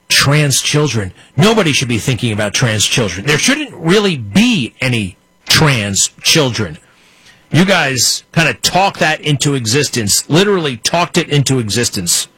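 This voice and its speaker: A man's voice: medium pitch, sing-song, normal speed, a bit bright, husky, dry recording, rough recording. A man hosting a political commentary show, ranting in a combative, mocking way from a studio.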